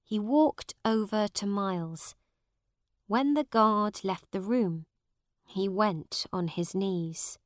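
A woman narrating a storybook in a slow, clear, expressive reading voice. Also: mid-range voice, no echo, clean studio sound.

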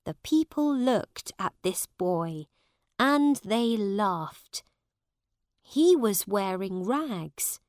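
A woman narrating a simple storybook in a clear, measured way. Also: medium pitch, animated, no echo, clean studio sound. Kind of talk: slow storybook reading for learners.

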